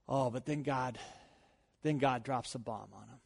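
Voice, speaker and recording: A man preaching a sermon, telling stories with lively, rising energy and quiet serious turns. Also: medium pitch, moderate pace. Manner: animated storytelling, rising loud in anecdotes. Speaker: pastor. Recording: long hall reverb.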